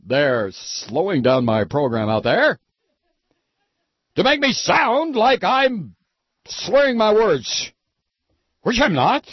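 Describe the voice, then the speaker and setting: A man's voice: high voice, big pitch swings, takes it slowly, long pauses, breathy edge, no room sound, exaggerated voice. A man doing a mocking impression of a rambling, paranoid, self-pitying male radio pundit. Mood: whiny. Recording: dull lo-fi sound.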